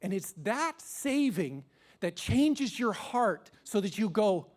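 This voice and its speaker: A man, preaching a sermon as pastor with animated, emphatic storytelling. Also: takes it slowly. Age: 50s. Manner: animated, emphatic storytelling with sudden rises in pitch and loudness.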